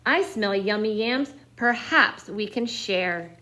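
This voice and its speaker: A woman's voice: mid-range voice, animated, slow, bright, forceful tone. A woman voicing a friendly badger in a storybook read-aloud, cheerful and inviting. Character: friendly badger sharing food.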